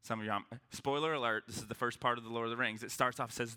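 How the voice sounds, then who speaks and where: A man's voice: mid-range voice, quick pace, hardly any pauses. A man preaching a sermon to his congregation in a church, joking and acting out little voices as he goes. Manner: animated, joking, acts out voices. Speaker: pastor.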